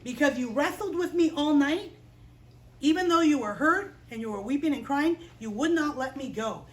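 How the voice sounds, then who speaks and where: A woman voicing a calm, firm divine man in a Bible story for children, speaking slowly and reassuringly. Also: high voice, recorded from a distance. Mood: solemn.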